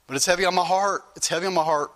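A man's voice: high-pitched, fairly even intonation, racing, a bit bright. A male pastor preaching an earnest, repetitive sermon that rises into pleading questions to his congregation.

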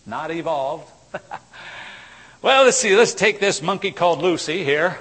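A man preaching a sermon, swinging from loud exhortation to low, intense tones. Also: lively intonation, unhurried. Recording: long hall reverb.

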